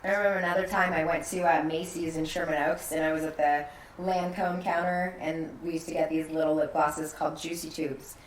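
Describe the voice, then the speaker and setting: A woman on a podcast talks candidly about her own life and slips into the voices of the people she quotes. Her voice sits on the low side for a woman, and it carries the echo of a roomy space. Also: brisk, a little hiss or hum. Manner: animated, acts out quoted voices, frequent "like". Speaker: podcast guest. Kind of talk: candid conversational storytelling.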